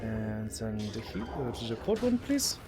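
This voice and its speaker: A man's voice: fairly low pitch, sing-song, moderate pace, over loud music. A man giving casual, rambling commentary while streaming a video game. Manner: chatty, rambling, self-deprecating.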